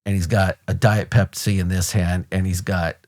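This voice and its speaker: On his podcast, a retired police officer from the United States, a man in his fifties with a deep, low-pitched voice, shares a story from his policing days at normal speed. The storytelling is conversational, blunt, and animated, full of casual swearing and acted-out sound effects.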